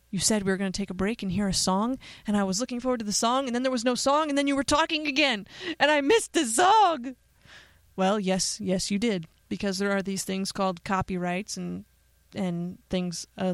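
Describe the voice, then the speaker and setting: A woman hosts a radio show in a casual, playful way, full of jokes and chatty asides. Her voice is smooth and clear. She is close to a studio microphone in a dry room. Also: medium pitch, no room sound.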